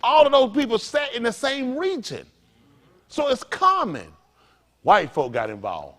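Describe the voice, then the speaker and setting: Animated high-pitched pastor, loose and slangy. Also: male voice, measured pace. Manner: animated, slangy, laughs through a funny story. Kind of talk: informal sermon teaching with storytelling.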